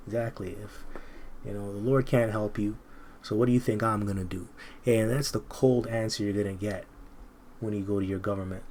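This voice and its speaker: A man's voice: fairly low pitch, steady tone, moderate pace, pauses often, dark tone, a little hiss or hum. A man teaching scripture informally, reading verses aloud and commenting bluntly in casual slang.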